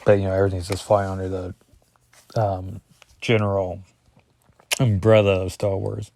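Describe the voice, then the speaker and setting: A man's voice: low voice, little pitch movement, dark tone, no room sound. A man reviewing a comic book, chatting casually and reading the dialogue aloud. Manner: rambling, chatty, many fillers and asides; reads dialogue in quick plain voices.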